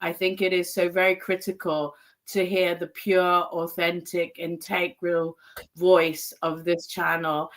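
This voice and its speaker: Woman, interview guest, effusive and emotional, somewhat low pitch. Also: level tone, measured pace. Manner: warm, effusive, laughs often. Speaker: guest, energy healing practitioner. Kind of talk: casual interview chat.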